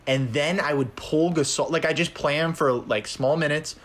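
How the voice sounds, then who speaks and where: A young man co-hosting a casual sports podcast, talking in an animated way that is full of "like" and "dude". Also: on the high side, normal speed. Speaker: podcast co-host.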